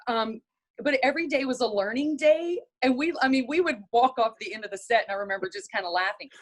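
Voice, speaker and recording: A middle-aged woman with a Southern US accent, her voice sitting a little high for a woman. She is a guest on an interview show, recounting her television career in an animated way and slipping into the voices of the people she quotes. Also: fast talker. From North Carolina. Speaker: guest, television writer and presenter. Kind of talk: casual interview storytelling.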